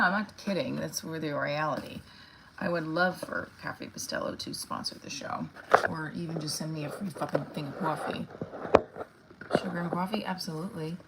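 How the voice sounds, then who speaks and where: A woman with a low voice rambles through a casual live stream, candid and unpolished, dropping fillers and the odd curse. She speaks as an actress talking straight to her viewers. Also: background noise.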